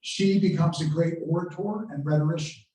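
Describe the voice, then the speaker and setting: A man tells history as a lecture, building dramatic stories and acting out quoted speeches with real feeling. His dark, mellow voice carries through a very echoey room. He sounds set back from the microphone. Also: a little high, brisk, far from the mic, a little hiss or hum. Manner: storytelling, dramatic quoting of speeches. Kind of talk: history lecture to a live audience. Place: lecture room at a country club.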